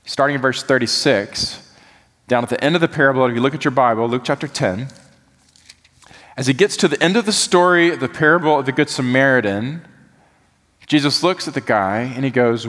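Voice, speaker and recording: A man delivers a sermon in a church. His voice carries a long hall reverb around it. He preaches in an animated, folksy way, then sinks to a hush to press his point. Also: mid-range voice, brisk. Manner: animated, folksy preaching, drops soft for emphasis. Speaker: pastor. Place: church sanctuary.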